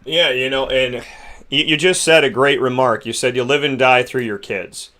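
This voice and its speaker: Male podcast host with a bright voice; earnest, rambling, heartfelt delivery. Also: medium pitch, steady tone, normal speed. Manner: earnest, rambling with many restarts.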